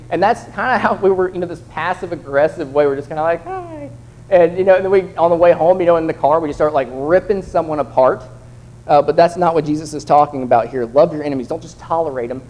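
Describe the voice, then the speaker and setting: A man's voice: a little high, a little mellow, low-quality recording. A young man preaching a sermon in a conversational way, acting out the voices of the people in his examples. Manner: conversational, acts out quoted voices.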